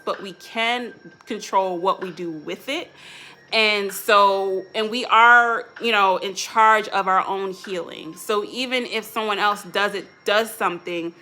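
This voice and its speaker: Woman hosting a self-love livestream, bright clear voice, keeps saying "right?". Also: medium pitch. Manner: earnest, repetitive, rhetorical "right?". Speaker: self-love channel host. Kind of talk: live motivational talk.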